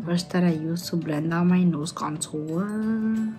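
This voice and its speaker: A woman's voice: lowish voice, takes it slowly, warm tone, soft background music. A tipsy young woman, rambling loosely and cursing playfully as she chats through a makeup tutorial. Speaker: beauty vlogger. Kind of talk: casual makeup tutorial chat.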